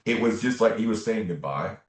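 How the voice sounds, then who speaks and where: Speaking in a very low voice with lively intonation and a fairly quick pace, a man shares a personal story as an interview guest. He is earnest yet casual, frequently dropping in "man" and "right?". The room is echoey, giving the recording a roomy sound.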